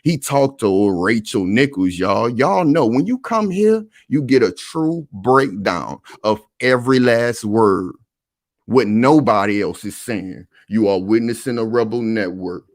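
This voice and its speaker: A man's voice: lowish voice, lively intonation, a little slow, no echo, studio quality. A man hosting a live reaction commentary stream, talking animatedly and addressing his audience directly over and over. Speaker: online commentary host.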